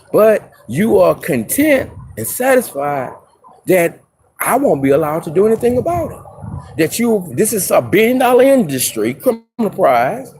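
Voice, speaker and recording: Impassioned man with a lively pitch. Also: a little hiss or hum. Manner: impassioned, rising into loud outbursts; halting, with many restarts and fillers. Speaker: self-represented litigant. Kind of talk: impassioned spoken statement.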